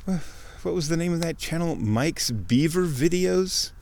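Man, host, casual chat outdoors by a creek, chatty storytelling, high mock voices for quotes. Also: lively intonation, a little slow, vocal fry, a little mellow, slight background noise.

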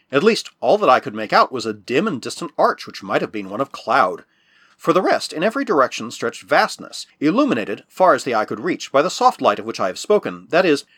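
A man narrating an old adventure novel with a husky, slightly breathy voice. His pitch moves a lot, rising and falling through each sentence. The recording is dry and close. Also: no echo. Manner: measured storytelling with lively rises and falls. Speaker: audiobook narrator.

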